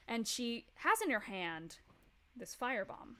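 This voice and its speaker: Woman game master, mid-pitched, casual narrator who laughs often. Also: expressive, a little slow, sharp tone.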